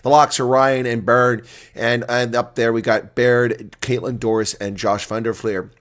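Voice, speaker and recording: A man giving live reaction play-by-play commentary, excitable and opinionated, dropping to quiet asides and then rising to loud calls when the action starts. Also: mid-range voice, measured pace. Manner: opinionated, argues with referee calls. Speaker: live watch-along commentator.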